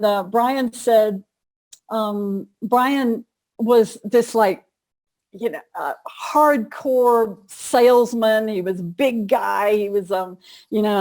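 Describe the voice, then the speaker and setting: A woman's voice: a little high, darkish tone. A middle-aged woman, an author and coach, telling stories in a chatty way during an interview. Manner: chatty storyteller, laughs often. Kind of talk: casual interview conversation.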